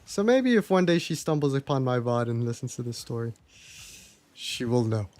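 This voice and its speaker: A man's voice: medium pitch, big pitch swings, moderate pace, darkish tone. A young man streaming live, telling stories from his life in a chatty, candid way and swearing freely. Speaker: livestreamer. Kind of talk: casual storytelling to a live chat.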